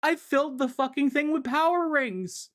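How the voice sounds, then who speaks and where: A man voicing a gloating, shrill evil male mad scientist from a comic, his voice pushed well above his normal pitch. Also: moderate pace, a bit bright.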